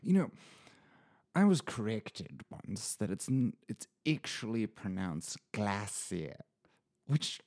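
A man's voice: on the low side, sing-song, slow, a little mellow. A man who reads audiobooks, tired and punchy after a long day in the studio, rambling jokily and slipping into mock-British pub talk. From Washington State, USA. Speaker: audiobook reader. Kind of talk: rambling off-script chat. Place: recording studio.

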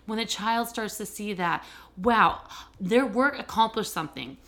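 Candid, animated middle-aged woman podcaster. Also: medium pitch, unhurried. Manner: candid, animated storytelling with frequent fillers. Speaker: podcast host and educator working with children and families. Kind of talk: casual podcast monologue.

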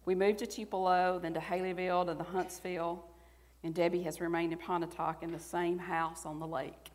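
A woman's voice: fairly low pitch, level tone, a little fast. A woman in her forties with a Southern US accent, giving a sermon that builds to emphatic, rising exhortation. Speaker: speaker. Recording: long hall reverb.

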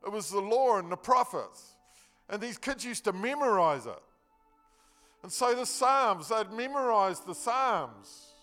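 A man's voice: high voice, big pitch swings, unhurried, pushed and bright, faint music behind. A man preaching a sermon, telling the story earnestly and emphatically in a loose, conversational way with casual slang.

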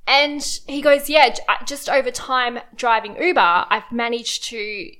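A woman with a high voice tells a winding story on a casual podcast. She talks in a rambling, anecdotal way and quotes other people as she goes. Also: steady tone, measured pace, bright, forceful tone. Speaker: podcast co-host. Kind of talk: casual chat.

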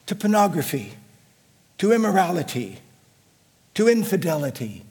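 A middle-aged man preaching with a husky, slightly raised voice that rises and falls widely. He takes his time, stretching his phrases out slowly. His delivery swings between hushed, low passages and loud, emphatic declarations. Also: expressive. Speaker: pastor. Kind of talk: sermon.

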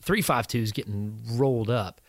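This man, a combat veteran, tells war stories on an indoor podcast in a mid-range voice, a little slowly, on a dry recording. He's an animated storyteller who swears freely and performs the voices he quotes, keeping it casual.

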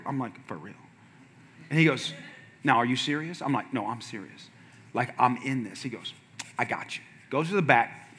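A man preaching a sermon as a pastor, telling a story with big swings from quiet asides to loud, shouted punchlines. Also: mid-range voice, slight background noise.

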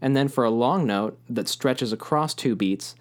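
A man with a mid-range voice teaches music with patient, clear explanations. He chants rhythm syllables while tapping a drum softly in time. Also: medium pitch, moderate pace.

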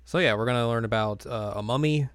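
A man's voice: medium pitch, fast, smooth, no echo, clean studio sound. A young man hosting a casual anime recap podcast, joking and sarcastic as he rambles through the episode. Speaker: podcast host.

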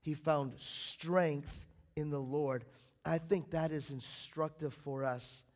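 A man preaching a sermon as pastor, swinging between loud emphatic bursts and quiet, low passages. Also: steady tone, slow pace. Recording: long hall reverb.

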